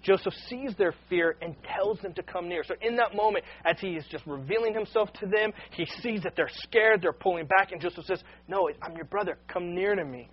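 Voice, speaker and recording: Earnest preacher man, husky and muffled. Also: high voice, fairly quick, hardly any pauses. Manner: earnest, repeats words when starting sentences. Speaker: pastor. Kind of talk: sermon.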